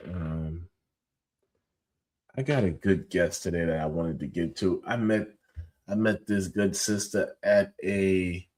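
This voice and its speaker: A podcast host with a very low, deep voice tells a story in a loose, slangy way. He fills his talk with "like" and "you know" and keeps it animated. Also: slow pace. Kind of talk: casual storytelling chat.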